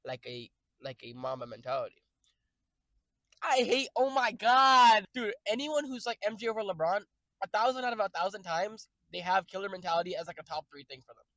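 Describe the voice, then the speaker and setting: A young man with a notably high voice rambles through a casual stream, jumping between jokey, profane tangents and breaking into sudden loud outbursts. His voice is recorded dry and close, with no room sound. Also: expressive, brisk, no room sound, poor audio.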